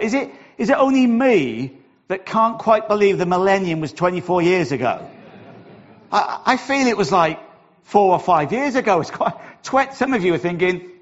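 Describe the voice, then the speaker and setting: A middle-aged Welsh man, a pastor, opening a sermon in a chatty, joking, self-deprecating way in a church hall. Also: sits high. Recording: dull lo-fi recording.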